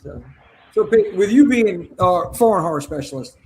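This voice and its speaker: A man co-hosting a podcast, playful and quick to egg the others on. His voice sits very high for a man. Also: lively intonation, darkish tone, a little hiss or hum, poor audio. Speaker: podcast co-host. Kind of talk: casual chat.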